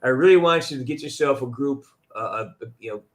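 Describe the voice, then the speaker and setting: A man's voice: mid-range voice, fast talker. A man hosting a casual talk show, rambling and restarting his sentences. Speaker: host.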